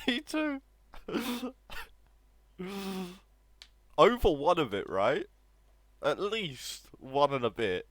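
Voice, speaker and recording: A young man commentating on his own football video game match, laughing often and excitable. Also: high-pitched, drawn-out words, long pauses, dry recording. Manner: giggly, excitable, laughs between lines. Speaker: gaming streamer.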